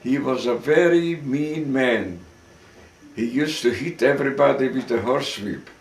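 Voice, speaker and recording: Older man, slow halting testimony, distant roomy sound. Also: medium pitch, vocal fry, a little hiss or hum. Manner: slow, halting storytelling with restarts and occasional coughs. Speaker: Holocaust survivor giving testimony. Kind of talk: oral history testimony. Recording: roomy sound, speaker off-mic.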